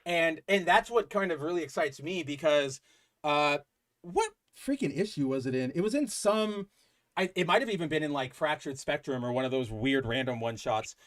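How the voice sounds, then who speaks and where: A man co-hosting a podcast, excitedly retelling a story in a rambling, casual way full of fillers. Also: fairly high pitch, normal speed. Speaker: podcast co-host. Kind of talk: casual comic book chat.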